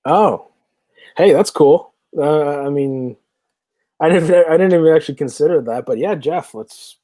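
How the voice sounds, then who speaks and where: A man's voice: on the high side, a little slow, dark tone, no echo. A man in his thirties, a comic book creator, chatting casually as a guest with many fillers and easy laughs. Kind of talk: casual interview chat.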